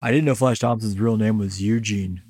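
A man's voice: on the low side, steady tone, moderate pace, darkish tone, no echo. A young man co-hosting a casual chat, swearing freely and making sarcastic jokes. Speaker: podcast co-host.

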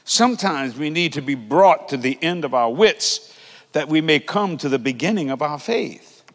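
Male TV preacher, high lively voice swinging wide, folksy and fervent, reverberant church hall. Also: normal speed. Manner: fervent, shouting peaks, folksy grammar. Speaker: televangelist preacher. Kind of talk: televised sermon.

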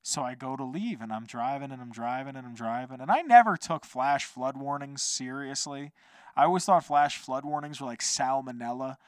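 A man hosting a podcast, telling a rambling, animated story in a casual monologue with some swearing. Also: medium pitch, normal speed, smooth, no echo, clean studio sound. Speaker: podcast host.

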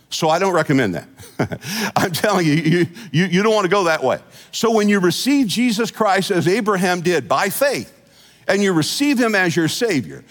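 A man preaching a sermon as senior pastor, with a folksy, animated delivery full of chuckles and asides. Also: fairly high pitch, long reverb tail. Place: church sanctuary.

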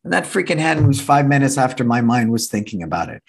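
Husky sixty-year-old man giving an energetic seminar talk. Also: mid-range voice, quick pace. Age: 60s. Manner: energetic, repeats key phrases, acts out quoted voices. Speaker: martial arts school owner and speaker.

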